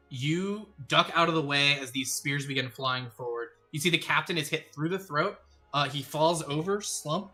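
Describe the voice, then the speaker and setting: Bright, rambling tabletop game master. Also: medium pitch. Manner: rambling narration full of ums and uhs, laughs often.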